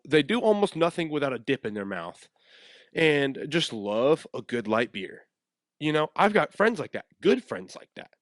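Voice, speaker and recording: A man's voice: a little high, no echo, clean studio sound. Young man telling a rambling story. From West Coast of the USA. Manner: animated, rambling, acts out quotes. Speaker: podcast host. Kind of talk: casual storytelling.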